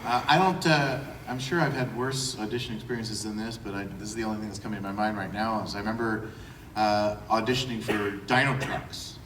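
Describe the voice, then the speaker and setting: A man's voice: lowish voice, brisk. Male panelist telling a story in a hall. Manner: relaxed storyteller with many fillers. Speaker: voice actor panelist. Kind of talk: panel anecdote. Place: convention panel room. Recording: roomy hall from far off with noise.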